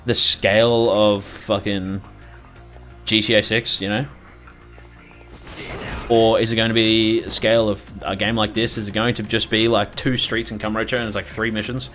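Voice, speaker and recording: A man's voice: medium pitch, a bit bright. A young man chatting loosely as a gaming streamer, rambling and swearing freely. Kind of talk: casual live-stream commentary.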